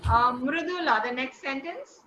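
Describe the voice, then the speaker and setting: Woman, speech trainer, encouraging, bright tone, roomy dull sound. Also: sits high, unhurried. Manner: encouraging, praises students often. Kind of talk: teaching a session on intonation.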